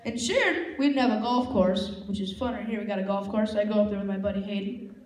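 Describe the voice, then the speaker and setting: A man's voice: high voice, fast talker. A man performing a stand-up comedy set on stage with a handheld mic. He tells rambling, self-deprecating stories and acts out the people in them. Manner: rambling self-deprecating storytelling with acted-out quotes. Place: comedy stage before a laughing audience. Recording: echoey room with faint noise.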